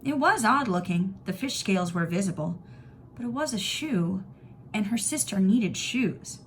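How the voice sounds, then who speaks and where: A woman teacher reading a novel aloud to students in clear, steady storytelling. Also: medium pitch, normal speed, slight background noise.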